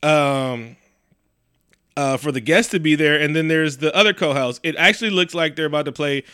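A man with a bright, clear voice holds forth on a casual podcast, rattling off profane stories and acting out each quote. The sound is dry and close. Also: on the high side, normal speed, no room sound. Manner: profane, animated storytelling with acted-out quotes. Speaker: podcast co-host. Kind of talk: casual chat.

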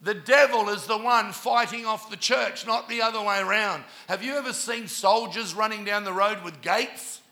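A middle-aged man, a pastor, preaching a sermon and telling stories with lively acted-out dialogue. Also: sits high, moderate pace, few pauses. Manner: animated preacher, acting out quoted dialogue. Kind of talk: sermon with storytelling.

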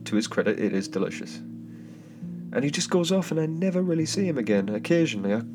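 This English podcaster's voice is a little high and very animated, and he talks a bit fast. Hosting alone, he tells a rambling, casual travel story packed with fillers, restarts and chuckling asides, recorded on a home mic with soft guitar music under it.

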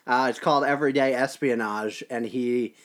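A man's voice: mid-range voice, fairly even intonation, normal speed. A man co-hosting a podcast, telling a story in a wry, self-deprecating way. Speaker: podcast co-host. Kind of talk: casual podcast chat.

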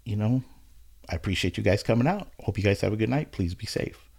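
A man's voice: on the low side, quick pace, vocal fry, breathy edge. A man telling a story in casual chat, acting out the voices of the people in it. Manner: animated storytelling, acts out quoted voices.

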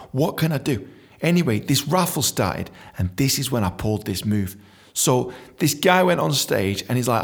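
A man's voice: mid-range voice, vocal fry. A young adult man from England telling a story casually, swearing often and saying "man" a lot. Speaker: podcast storyteller.

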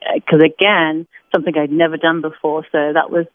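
A woman's voice: deep voice, fairly quick, dry recording. Chatty British woman over a phone line. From Britain. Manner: chatty, animated storytelling with laughs. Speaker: podcast guest. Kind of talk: casual interview chat. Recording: tinny phone-line sound.

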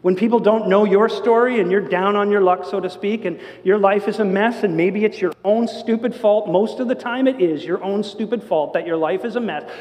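An older man preaching a sermon in a church, telling stories with lively energy and acting out the quotes. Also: high voice, normal speed, few pauses. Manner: animated storytelling, acts out quotes. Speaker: pastor. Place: church sanctuary. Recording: long church reverb.

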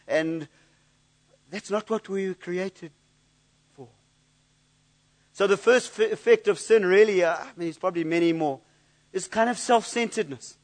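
High-voiced man preaching a sermon. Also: fairly even intonation, normal speed, pauses often. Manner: earnest, repeats words when searching for them. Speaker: pastor.

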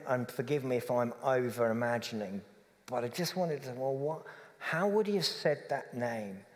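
A man preaching a reflective, conversational sermon that softens to a gentle hush. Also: medium pitch, long reverb tail.

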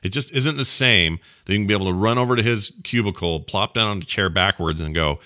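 A man with a very deep voice and a sharp, forceful edge rambles through casual advice chat as a podcast co-host. His voice sounds dry and close, with little room around it. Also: fast talker, dry recording. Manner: rambling, acts out quoted voices, searches for words.

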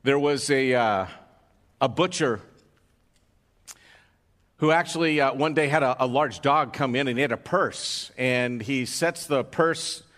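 A man's voice: mid-range voice, a little slow, pauses often, fairly bright tone. A man preaching a sermon as pastor, telling a story and asking the congregation rhetorical questions. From United States. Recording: long hall reverb.

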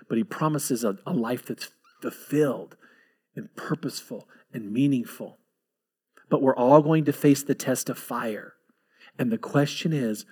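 A male pastor preaching a sermon, building emphasis with repeated phrases. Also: a little high.

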